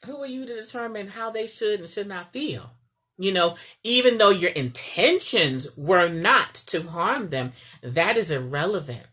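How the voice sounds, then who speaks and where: A woman's voice: medium pitch, lively intonation, a little slow, fairly bright tone. A woman giving casual marriage advice as a coach, chatty and often checking in with "okay?". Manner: chatty, repeats "okay?" to the viewer.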